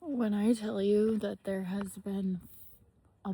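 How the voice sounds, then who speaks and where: A woman speaking outdoors in a slow, halting, emotional personal reflection, with restarts and whispered asides. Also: medium pitch, fairly even intonation, mellow, a little hiss or hum. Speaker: spiritual vlogger.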